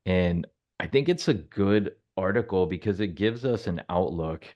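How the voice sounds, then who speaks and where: A man's voice: low-pitched, lively intonation, moderate pace, darkish tone, highs cut off. A man co-hosting a business podcast, chatting casually with self-deprecating humor and lots of fillers. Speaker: podcast co-host.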